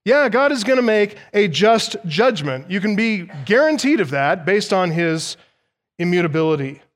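High-voiced pastor preaching in a reverberant hall. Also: male voice, big pitch swings, normal speed. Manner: emphatic, repeats key phrases for stress. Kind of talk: expository sermon.

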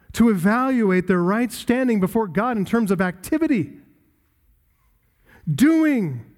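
A man delivers an expository sermon, his voice pitched high for a man. He drives points home with rhetorical questions and rapid lists. The sound rings with the long reverb of a large hall. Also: darkish tone. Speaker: pastor.

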